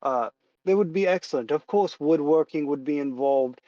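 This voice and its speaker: Man doing a formal lady administrator, raised pitch, courteous, muffled dry sound. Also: moderate pace, warm tone, dry recording, close to an everyday voice. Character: prim woman academy administrator, formal.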